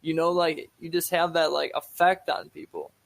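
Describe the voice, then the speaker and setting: A man's voice: fairly high pitch, animated, moderate pace, gravelly, no room sound. A young man co-hosting a podcast in casual chat, laid-back and rambling, swearing freely. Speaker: podcast co-host.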